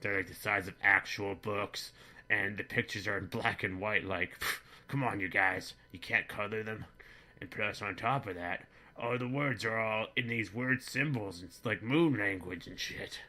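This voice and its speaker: A comedy vlogger in character plays a boorish, bigoted middle-aged dad, rambling crudely through a blustering comic monologue. His lowish voice is bright-toned and moves at normal speed.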